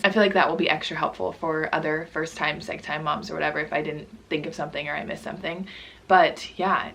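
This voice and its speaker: A young woman with a hoarse, dry throat chatting casually to camera at home about baby gear, keeping her voice down. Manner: chatty, apologetic, lowers voice to stay quiet. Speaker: parenting vlogger. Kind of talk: casual vlog talk to camera. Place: at home indoors.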